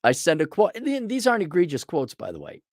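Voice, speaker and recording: A man's voice: on the high side, wildly swooping pitch, fast, a little mellow, dry recording, studio quality. Profane, exasperated middle-aged man ranting. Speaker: consultant and vlogger. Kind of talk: profane angry rant to camera.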